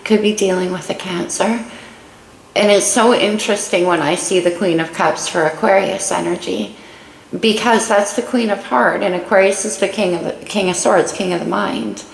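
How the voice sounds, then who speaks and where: A woman's voice: mid-range voice, steady tone, normal speed, vocal fry. A woman giving a casual tarot reading, chatting through each card she draws. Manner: chatty, warm-hearted commentary on cards. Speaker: tarot reader. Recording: echoey room, faint noise.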